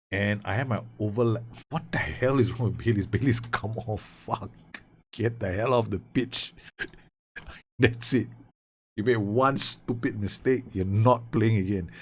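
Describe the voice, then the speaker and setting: A man giving excited, nervous live commentary on his own football management game, swearing and shouting orders at his players. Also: on the low side. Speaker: gaming YouTuber.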